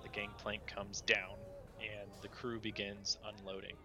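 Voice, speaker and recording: Low-voiced man narrating a tabletop game. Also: measured pace, background noise. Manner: relaxed, rambling narration. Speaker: game master.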